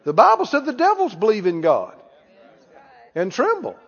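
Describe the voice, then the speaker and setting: A man preaching a sermon, leading his congregation in call-and-response and rising to shouts. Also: sits high, wildly swooping pitch, moderate pace. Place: church. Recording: dull recording in a reverberant hall.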